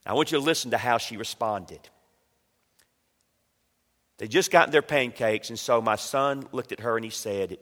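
A male pastor preaching a sermon, swinging from loud emphatic lines to quiet storytelling. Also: medium pitch, moderate pace, long pauses, in a large hall.

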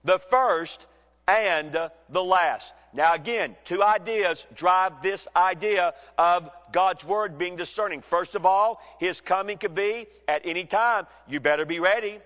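A man preaching an expository sermon, measured and emphatic, slowing down to read scripture. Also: high-pitched, a bit bright. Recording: dull sound with long hall reverb.

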